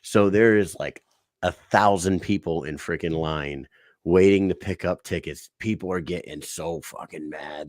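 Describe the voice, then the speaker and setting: A man co-hosting a podcast, telling stories in a casual, animated way with lots of swearing and acted-out quotes. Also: low-pitched, measured pace, dry recording, clean studio sound. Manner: animated storyteller, swears a lot, acts out quotes. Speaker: podcast co-host. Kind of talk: casual chat.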